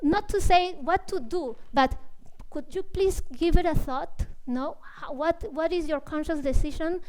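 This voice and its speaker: High-voiced woman with many "no?" tags. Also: a little slow, darkish tone, a little hiss or hum, rough recording. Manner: searching, full of fillers and restarts, tags "no?". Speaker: composer speaking at a public talk. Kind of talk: casual spoken talk, answering questions.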